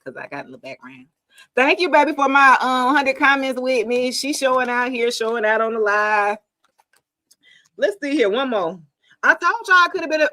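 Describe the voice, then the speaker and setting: A woman's voice: fairly high pitch, fairly bright tone. A middle-aged woman from the United States, reading tarot for viewers on a casual livestream, playful and chatty with frequent laughter.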